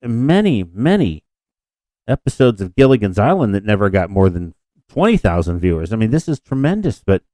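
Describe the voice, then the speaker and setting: Low mellow-voiced rambling man. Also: very animated, moderate pace, no echo. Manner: rambling, self-deprecating, many restarts. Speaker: podcast co-host. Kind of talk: casual chat.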